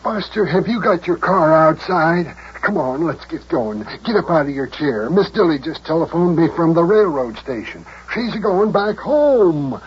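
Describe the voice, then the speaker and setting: A fussy small-town mayor in an old children's radio drama, speaking a touch high with folksy rural grammar. He fusses and complains with big melodramatic sighs. The old recording sounds dull, with a faint hiss. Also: big pitch swings, normal speed, few pauses. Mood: frantic. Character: fussy older country mayor, blustering and lovesick.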